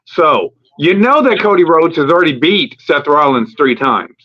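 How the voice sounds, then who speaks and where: A man hosting a live wrestling talk stream, ranting casually and profanely about storylines, rambling with fillers and acting out quick promo bits. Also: on the high side, lively intonation. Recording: lo-fi streamed audio.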